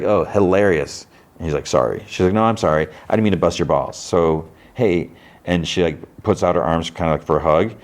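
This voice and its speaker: Male podcast host, very low voice, loose chatty recap, tosses in little character voices. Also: darkish tone. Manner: loose retelling with frequent "like" and restarts, lightly mimicking characters' lines. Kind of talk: casual episode recap.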